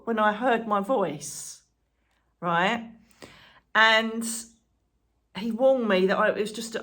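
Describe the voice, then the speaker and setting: A woman chatting to camera as a channel host, excitable and rambling, full of asides and fillers. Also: mid-range voice. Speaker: psychic medium and channel host. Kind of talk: casual chat to camera.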